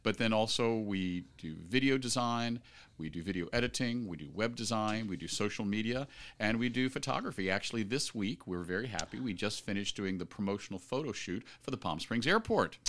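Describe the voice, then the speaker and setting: A man from Virginia with a low voice chats on a radio show. He promotes his PR agency with eager enthusiasm. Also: expressive, brisk, a bit bright. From Virginia, USA. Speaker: radio guest, PR agency owner. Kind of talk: casual radio interview.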